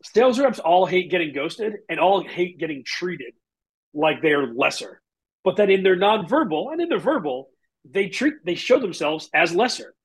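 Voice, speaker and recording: A man with a husky, slightly breathy voice, guesting on a podcast as a sales coach. He speaks energetically and acts out little examples. His pitch sits a bit high for a man. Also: very animated, moderate pace. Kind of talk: casual podcast interview.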